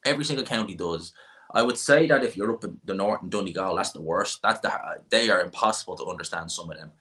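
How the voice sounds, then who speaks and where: A man hosting a livestream, reading viewer comments and rambling offhand about boxing with quick asides. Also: deep voice, bright, forceful tone. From Ireland. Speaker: livestream host.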